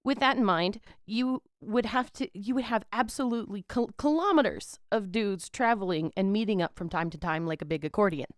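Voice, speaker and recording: A woman narrating history for a podcast in a loose, irreverent way, full of slang and small stumbles. Her voice is smooth and clean. It sits dry and close on the mic. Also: mid-range voice, no echo. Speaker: podcast co-host.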